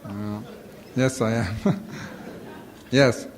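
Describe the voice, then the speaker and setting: Animated storytelling man, reverberant hall. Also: lowish voice, drawn-out words. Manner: animated storytelling, acts out quotes. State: sore throat, sucking a lozenge. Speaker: comedian answering audience questions. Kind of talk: casual Q&A talk. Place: auditorium before a live audience.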